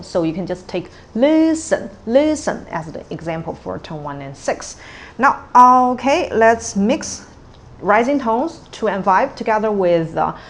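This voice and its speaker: A woman teaching tones in a patient, unhurried way, modelling each word twice. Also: mid-range voice, slight background noise. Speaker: Cantonese teacher. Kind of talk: tone pronunciation lesson.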